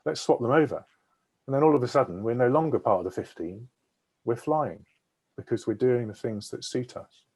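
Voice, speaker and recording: A man's voice: medium pitch, lively intonation, a little fast, a little mellow, husky. A man speaking as a sales consultant on a webinar over a video call, explaining at length and checking in with his listeners as he goes. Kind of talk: webinar talk.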